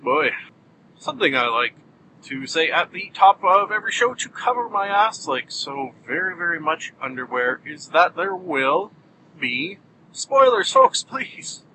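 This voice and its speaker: A man's voice: a little high, big pitch swings, measured pace, bright, forceful tone, slight background noise, low-quality recording. A man hosting a solo podcast in a jokey, self-mocking way with bursts of mock outrage. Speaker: podcast host.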